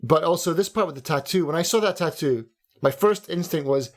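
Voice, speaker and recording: A man's voice: fairly high pitch, brisk. A man co-hosting a podcast, giving frank, opinionated takes on a game with lots of "like" and a laugh. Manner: candid and opinionated, trailing off with likes and laughs. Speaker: podcast co-host. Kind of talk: casual game discussion podcast.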